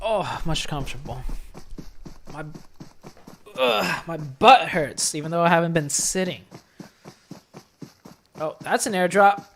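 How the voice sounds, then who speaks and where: A solo esports caster streaming play-by-play from a home setup. The voice drifts between offhand chatter and sudden excited calls whenever the shooting starts. Faint game gunfire runs underneath. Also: medium pitch, slow, creaky, pauses often, slight background noise. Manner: chatty and offhand in lulls, bursting into excited calls during fights.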